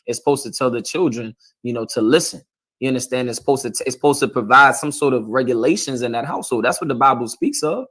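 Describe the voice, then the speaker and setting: A man's voice: medium pitch, fast, fairly bright tone. A man preaching a confrontational sermon as a street preacher, lecturing his listeners and often asking "You understand?".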